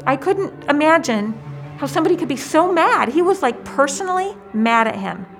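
A woman's voice: sits high, very animated, moderate pace, fairly bright tone, faint music behind. A woman being interviewed, recounting events casually and acting out what was said. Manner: exclaiming, acts out quotes. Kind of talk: casual storytelling.

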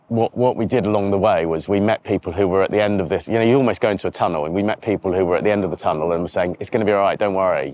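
A man's voice: deep voice, a little mellow. A man, a TV presenter being interviewed outdoors by a river, talking candidly and reflectively with frequent restarts.

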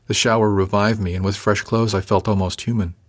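A man narrates a first-person audiobook in an even, matter-of-fact manner. His voice sits on the low side. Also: fairly quick.

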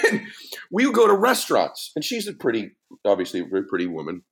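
Middle-aged guy on a podcast telling a funny story, super lively voice, laughs a lot. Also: fairly low pitch, fast, creaky. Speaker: podcast guest. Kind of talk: storytelling conversation.

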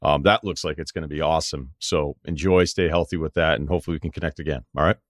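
A middle-aged man from Massachusetts hosting a podcast, talking casually and profanely, with quick asides. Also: extremely low pitch, steady tone, dry recording, studio quality. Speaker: podcast host. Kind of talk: casual interview and sports talk.

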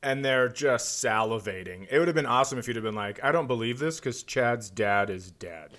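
Male co-host, sharp tone, reactive jokester. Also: mid-range voice, expressive. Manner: quick reactions and wisecracks, yelps in mock outrage. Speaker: comedy podcast co-host. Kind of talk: casual chat.

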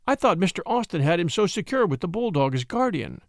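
A man voicing a quick-witted young woman who talks in a high, excited, pleading way. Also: dry recording, clean studio sound. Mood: sly.

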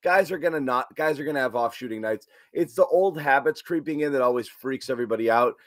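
A man's voice: mid-range voice, quick pace, fairly bright tone, dry recording, studio quality. A man co-hosting a postgame sports show, rambling with many restarts while breaking down the game. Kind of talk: sports postgame analysis chat.

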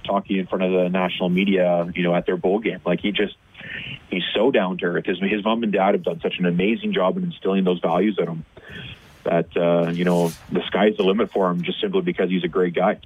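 Man, deep voice, husky, tinny phone line, football coach, casual radio interview. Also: flat delivery, brisk. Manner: conversational, many fillers and restarts. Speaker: high school football coach, guest.

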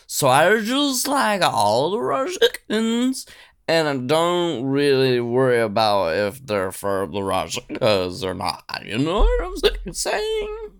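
A man's voice: on the high side, wildly swooping pitch, takes it slowly, clean tone, full character voice. A man voicing a muddled older male president who babbles and stubbornly repeats himself. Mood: rambling. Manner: babbling, stubborn, going in circles.

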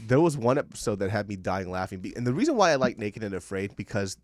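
Animated man retelling scenes. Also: lowish voice, fast talker, no echo, studio quality. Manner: animated, profane recounting of scenes. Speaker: podcast co-host. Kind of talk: casual chat.

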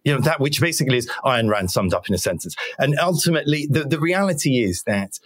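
A man's voice: medium pitch, lively intonation, quick pace, no room sound. A man hosting a podcast, asking long rambling questions with frequent restarts in casual interview chat. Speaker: podcast host.

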